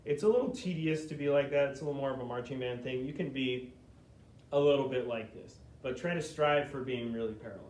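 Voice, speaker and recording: A man's voice: mid-range voice, darkish tone. A man teaching a beginner flute lesson, explaining hand positions step by step and checking in often with "okay?". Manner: patient, explains slowly, checks in with frequent "okay?".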